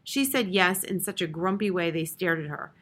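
A woman reading a children's novel aloud with expressive, measured narration. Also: on the low side. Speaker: audiobook reader. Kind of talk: storybook narration.

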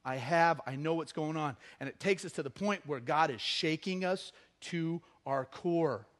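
A man's voice: a little high, unhurried, a bit bright. A middle-aged man giving a conversational sermon as a pastor, joking at times and rising into emphatic bursts.

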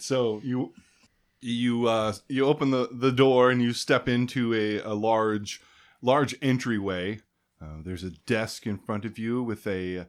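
A man narrating as game master of a tabletop game, relaxed and rambling with many fillers. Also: lowish voice.

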